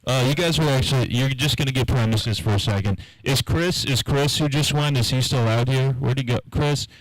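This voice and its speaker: Guy from norfolk virginia doing stand-up, mid pitch, loose and chatty, dry mic. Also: fairly quick, no room sound, poor audio. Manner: loose, conversational, trailing fillers. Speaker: stand-up comedian. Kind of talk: stand-up set. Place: small live comedy room. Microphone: handheld stage mic.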